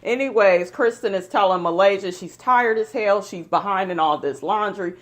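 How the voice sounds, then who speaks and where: A woman's voice: mid-range voice, normal speed, fairly bright tone. Blunt, outspoken woman recapping TV. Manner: chatty, addresses viewers directly. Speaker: reality TV recap vlogger. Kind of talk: casual recap commentary.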